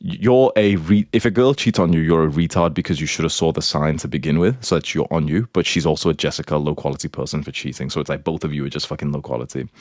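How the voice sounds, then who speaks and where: A man's voice: very deep voice, fairly even intonation, fast, few pauses, darkish tone, no echo, clean studio sound. A man giving casual dating advice in a blunt, crude, profane lecturing manner, answering questions. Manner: lecturing, instructive.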